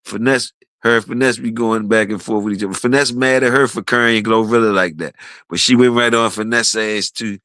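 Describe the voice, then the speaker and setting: A man on a livestream, rambling in casual chat with profanity, often laughing and quoting others with animated, raised delivery. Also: lowish voice, fairly quick, no room sound, poor audio. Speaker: streamer host.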